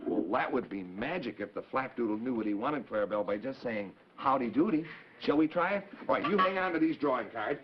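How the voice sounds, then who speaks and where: A man's voice: mid-range voice, animated, a little fast, a little hiss or hum. A man hosting a live children's TV show, genial and a little fussy as he talks to the kids. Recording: dull 1950s TV broadcast audio.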